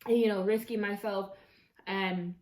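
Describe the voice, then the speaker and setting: A woman telling a story casually while eating on camera at home, chatty and expressive, with slangy asides to her viewers. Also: medium pitch, measured pace. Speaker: mukbang vlogger. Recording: echoey room.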